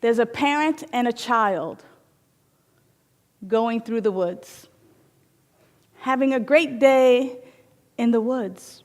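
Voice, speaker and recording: A woman's voice: fairly high pitch, slow. A woman minister giving a playful, storytelling sermon in a spiritual center. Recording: long hall reverb.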